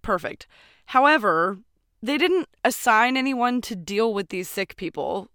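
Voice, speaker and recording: Smooth-voiced woman co-hosting, playful. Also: fairly high pitch, lively intonation, measured pace, a bit bright, no room sound, studio quality. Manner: playful, laughing, sarcastic asides. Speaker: podcast co-host. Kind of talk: casual history chat.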